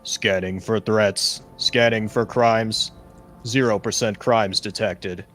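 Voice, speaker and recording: Man voicing a giant warbling metallic combat robot, slow, clipped machine talk, low voice, light music behind. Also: steady tone, fairly bright tone. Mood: scanning. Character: eighteen-foot male combat robot, flat and mechanical.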